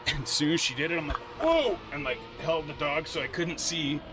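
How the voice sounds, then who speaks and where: A male livestream host telling a story casually on his stream, animated and laughing as he acts out quotes. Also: a little high, fast talker, music in the background. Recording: steady background noise.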